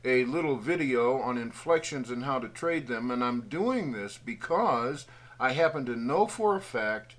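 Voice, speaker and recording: A man's voice: medium pitch, animated, a little slow, fairly bright tone. A man giving a folksy, patient trading tutorial over a screen recording, thinking aloud as he draws on charts. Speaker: trading educator.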